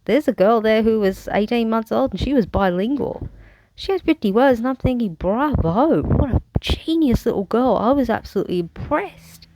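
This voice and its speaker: A woman's voice: on the high side, lively intonation, brisk, dark tone, poor audio. An Australian woman telling her own story to camera in a frank, wry manner, with bursts of sarcasm. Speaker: vlogger. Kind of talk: candid personal storytelling.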